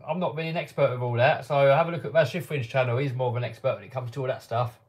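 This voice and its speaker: This channel host runs a laid-back live-stream Q&A in his home workshop, chatting as he reads out viewer questions and tosses off answers with a chuckle. His medium-pitched voice stays fairly even, but he races along.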